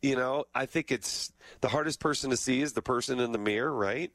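A man's voice: mid-range voice, fairly quick, fairly bright tone, no echo. Middle-aged male host, self-deprecating joker, dry studio sound. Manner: jokey, self-deprecating storyteller. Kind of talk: casual interview chat.

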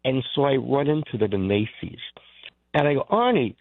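A man's voice: medium pitch, moderate pace, dry recording. A man calling into a radio show and telling a long personal story in a chatty way, laughing and acting out what others said. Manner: chatty storyteller, acts out voices in quotes, laughs often. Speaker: radio caller. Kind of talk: telling an anecdote on a call-in show. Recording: tinny phone line.

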